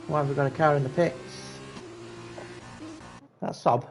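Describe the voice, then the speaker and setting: A man giving casual live commentary on a sim racing event, chatty and excitable at close battles. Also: on the high side, unhurried, a little hiss or hum. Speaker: race commentator.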